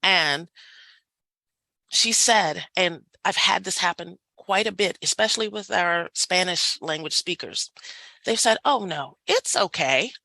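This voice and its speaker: A woman leads a faculty workshop over a video call, lively and quick to laugh. Her voice is low and gravelly with a bright edge, and the sound is close and dry. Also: no room sound, rough recording. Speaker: workshop presenter. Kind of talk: online faculty workshop presentation.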